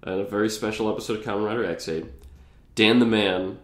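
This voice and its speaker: A man's voice: on the low side, fairly even intonation, quick pace, a bit bright, roomy sound. A man co-hosting a podcast, rambling through a plot recap in casual chat. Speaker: podcast co-host.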